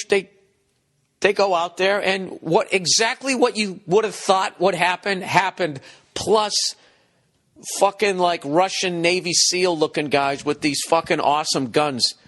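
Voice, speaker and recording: Guy ranting and cussing, fairly high voice, comedy monologue. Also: fairly bright tone. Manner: ranting, profane, incredulous. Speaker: podcast host.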